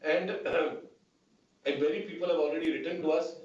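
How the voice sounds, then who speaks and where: A high-pitched man answers shareholders in a formal meeting. He speaks in measured runs with lots of "you know". The audio is distant and echoey, with a muffled, dulled tone. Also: fairly even intonation, a little mellow. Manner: measured, with many fillers and repeated "you know". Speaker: bank executive answering shareholders.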